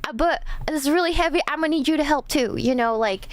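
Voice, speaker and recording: A woman's voice: high-pitched, quick pace, natural voice. A woman putting on a sweet, firm Southern flight attendant. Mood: gently firm. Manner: sweet but firm, coaxing.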